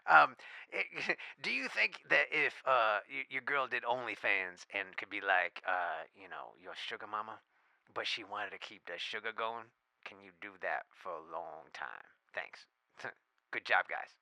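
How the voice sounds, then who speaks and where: A man doing a gravelly, bright mock caller. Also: lowish voice, animated, measured pace, no room sound, voice pushed down, full character voice, poor audio. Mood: joking. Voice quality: hesitant, full of ums. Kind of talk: comic prank call impression.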